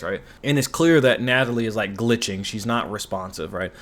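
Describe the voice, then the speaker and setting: A man's voice: fairly low pitch, brisk, hardly any pauses, a bit bright. A man recapping a TV show in a rambling, profane, sarcastic rant, full of asides and complaints. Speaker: commentary YouTuber.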